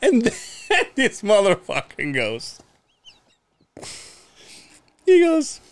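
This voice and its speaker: A man's voice: high voice, extremely slow. A man co-hosting a podcast, telling a story in casual chat, acting out the people in it and laughing and swearing along the way. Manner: animated storyteller, acts out quoted people, lots of swearing and laughing. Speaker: podcast co-host.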